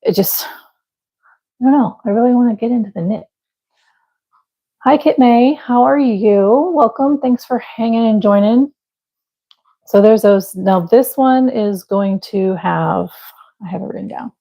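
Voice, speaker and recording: A woman's voice: a little high, unhurried, creaky, pauses often, dark tone, poor audio. A young woman hosting a live crochet stream, chatting casually and laughing at herself while she works. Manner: chatty, self-deprecating, talks to viewers while working. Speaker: livestream crochet host.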